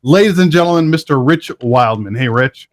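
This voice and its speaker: A man's voice: medium pitch, expressive, normal speed. Chatty upbeat male show host. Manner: upbeat, chatty, laughs often. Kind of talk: casual live show hosting.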